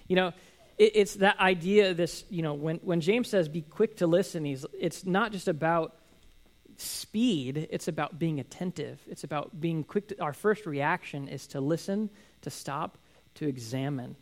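A man's voice: fairly high pitch, normal speed. A man in his thirties giving a casual, conversational sermon, telling family stories with acted-out quotes. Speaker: pastor.

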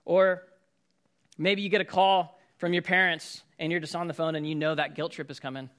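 A man's voice: on the high side, flat delivery, normal speed, fairly bright tone. A man, a pastor, preaching a sermon in a conversational way, acting out everyday scenes with sudden outbursts.

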